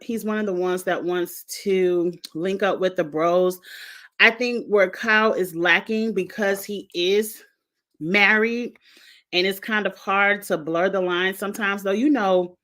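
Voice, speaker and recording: A woman's voice: mid-range voice, fairly bright tone. A woman in a mid-range voice hosts a casual reality show recap. She is chatty and frank, with strong opinions. She sometimes turns to address the contestants directly. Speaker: reality show reviewer, host.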